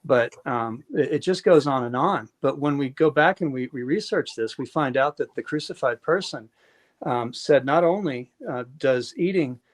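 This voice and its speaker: A man's voice: mid-range voice, moderate pace. A man in a conversational debate, making long run-on arguments in a lecturing manner.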